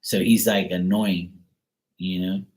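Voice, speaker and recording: Casting note: deep-voiced middle-aged man, blunt, swears freely, loose rambling chat. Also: flat delivery, takes it slowly, darkish tone, low-quality recording. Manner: blunt, profane, rambling storyteller. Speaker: tarot reader. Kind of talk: casual live-stream chat.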